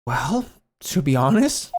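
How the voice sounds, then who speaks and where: A man's voice: fairly high pitch, very animated, takes it slowly, pitched below the performer's own voice. A man as a flustered young law student. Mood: wry. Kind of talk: reading game dialogue aloud. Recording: game music playing behind.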